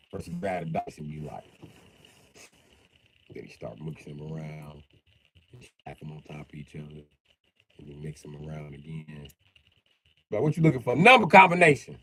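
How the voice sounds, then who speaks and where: A man on a livestream telling comedic stories in animated, profane street slang. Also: a bass voice, moderate pace, pauses often, slight background noise. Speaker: livestream host. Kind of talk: comedic storytelling.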